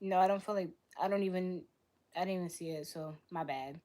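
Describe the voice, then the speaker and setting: A young woman hosting a live stream, arguing bluntly with her chat in rapid-fire retorts. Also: on the low side, warm tone. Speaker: livestream host.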